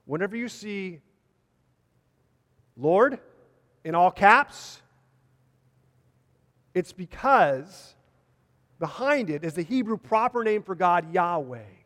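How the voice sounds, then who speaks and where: A man's voice: high voice, expressive, slow pace, long pauses, a bit bright, in a large hall. A man preaching a sermon, earnest and repeating phrases for emphasis.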